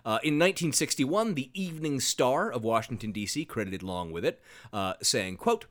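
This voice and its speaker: A man's voice: mid-range voice, expressive, moderate pace, a bit bright. A man hosting a casual discussion podcast, chatty and wry with frequent fillers. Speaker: podcast host.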